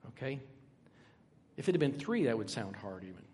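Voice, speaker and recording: An older man preaching a sermon, emphatic, swinging between loud and soft with dramatic pauses. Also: mid-range voice, sing-song. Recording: echoey hall.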